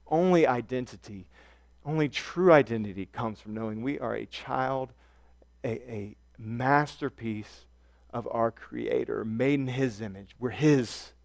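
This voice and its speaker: A male pastor giving an earnest sermon, repeating key phrases and swinging from hushed, soft passages to loud emphatic ones. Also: medium pitch, a little slow, gravelly.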